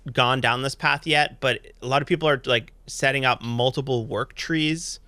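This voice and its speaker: A man's voice: mid-range voice, moderate pace, dry recording. A man co-hosting a tech podcast in casual chat, rambling with lots of fillers. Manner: rambling, filler-heavy, animated. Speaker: podcast co-host.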